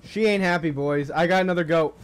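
A man streaming a horror game with friends, excitable and swearing, bursting into laughter. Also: a little high, brisk, background noise. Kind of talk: casual gaming chat with friends.

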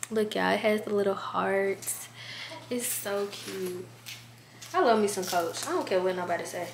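A twenty-year-old woman vlogging in a chatty, gushing way, often calling her viewers y'all. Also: a little high. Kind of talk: casual vlog chat. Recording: echoey room with background noise.

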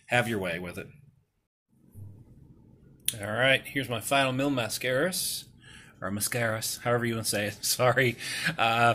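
A man's voice: mid-range voice, bright, forceful tone, slight background noise. A man casually talking through his hobby work, rambling with many fillers and self-corrections. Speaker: toy customizer.

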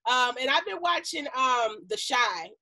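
A woman from Chicago co-hosting a podcast, chatting casually, opinionated and quick to laugh. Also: high voice, very noisy. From Chicago, USA. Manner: laughs often, relaxed and opinionated. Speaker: podcast co-host. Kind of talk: casual chat.

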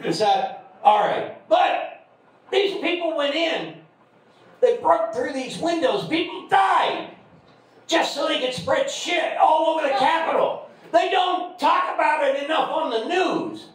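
A middle-aged man doing an open mic stand-up set, shouting his crude punchlines. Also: very high voice, lively intonation, takes it slowly. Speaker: stand-up comic. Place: comedy club stage. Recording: echoey club, far from the mic.

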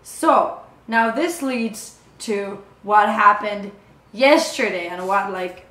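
A woman's voice: mid-range voice, slow pace, fairly bright tone. A young woman vlogging about her travels in a casual, chatty way, peppered with filler words. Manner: chatty, many filler "like"s, acts out quoted dialogue. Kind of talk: casual chat. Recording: echoey room.

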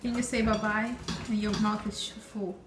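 A woman filming her young child on a phone at home, gently coaxing and instructing him in a casual home video. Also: medium pitch, flat delivery, normal speed, echoey room, a little hiss or hum. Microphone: phone camera.

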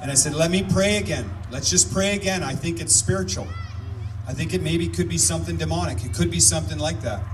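A man's voice: a little high, fairly bright tone. A man preaching outdoors in a park, fervent and telling stories, often repeating words as he builds up. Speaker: street preacher. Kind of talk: outdoor sermon with storytelling. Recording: distant mic outdoors, faint noise.

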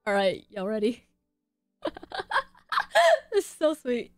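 A young woman streaming her game pulls, excitable, gasping and shrieking as she reacts to her chat. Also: fairly high pitch, takes it slowly, faint music behind. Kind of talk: live-stream gacha reactions.

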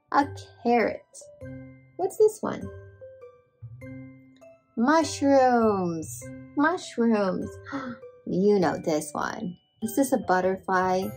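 A woman hosting a toddler show, asking the viewer simple questions and making animal sounds. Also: mid-range voice. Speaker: children's show host. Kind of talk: slow sing-song talk to toddlers.

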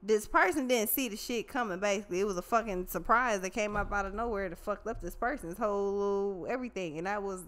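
A woman's voice: mid-range voice, fast talker, hardly any pauses, fairly bright tone. A woman doing a casual tarot reading, profane and slangy, talking animatedly straight to the viewer. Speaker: tarot reader.

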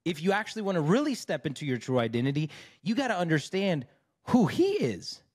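A man's voice: fairly high pitch, sing-song, fairly quick, darkish tone, slightly rough. Man, podcast guest, divorce recovery coach, conversational storytelling, emphatic, faith-driven.

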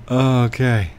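A man's voice: mid-range voice, darkish tone, a little hiss or hum. A man hosting a gaming video, chatting casually and playfully with a teammate over voice chat, laughing often.

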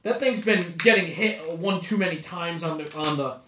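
A woman playing a video game and commenting as she goes, frustrated, swearing a lot and yelling at the game. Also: lowish voice, normal speed, a little hiss or hum. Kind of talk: let's-play commentary. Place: room at home while playing a motion-control console. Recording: echoey room with faint game music.

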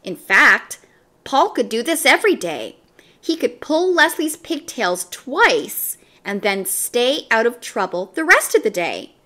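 Slow, animated woman reading a storybook. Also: fairly high pitch. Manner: expressive, animated storybook narration. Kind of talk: reading a children's book aloud.

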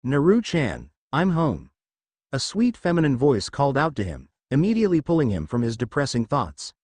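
A man narrating a fan fiction story in a steady storytelling read. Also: mid-range voice, fairly quick, no echo.

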